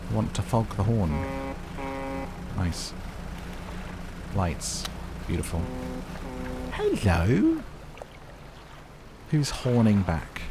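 Low-voiced man playing a game. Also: background noise. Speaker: gameplay video host. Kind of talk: casual let's-play commentary. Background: game music.

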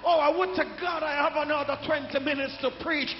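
High-pitched preacher in an echoey hall. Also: male voice, steady tone, fairly quick. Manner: call-and-response preaching, builds to shouting. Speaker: pastor. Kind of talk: sermon. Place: church sanctuary. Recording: echoey church hall, dull sound.

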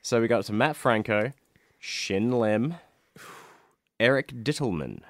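A man co-hosting a podcast as quizmaster, teasing the players and reading clue lists slowly. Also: medium pitch, lively intonation, dry recording. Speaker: podcast co-host reading trivia clues. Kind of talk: casual banter, quizmaster.

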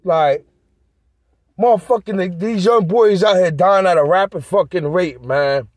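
A man's voice: high-pitched, measured pace, darkish tone, no echo. A man vlogging in a heated, profane rant aimed straight at his viewers. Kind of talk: ranting monologue to camera.

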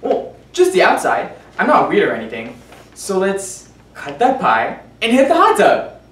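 A woman's voice: medium pitch, huge pitch swings, measured pace, fairly bright tone. A woman acting a pushy, nosy teenage boy neighbor, an ex-child star, who talks in an awkward, overfamiliar, giggly way. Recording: echoey room, mic far off, faint hiss.

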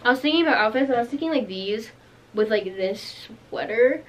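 A woman's voice: fairly high pitch, expressive, fairly quick. A teenage girl doing a casual clothing haul, rambling and chatty, full of "like" and "um". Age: teens. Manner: bubbly, rambling, lots of "like" and "um". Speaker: vlogger.

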